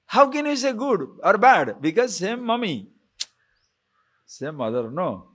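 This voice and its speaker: Male spiritual teacher, high-ish and very expressive, quizzes listeners with rhetorical questions, chants Sanskrit slowly. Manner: animated, asks listeners rhetorical questions, chuckles often. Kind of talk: spiritual lecture on scripture.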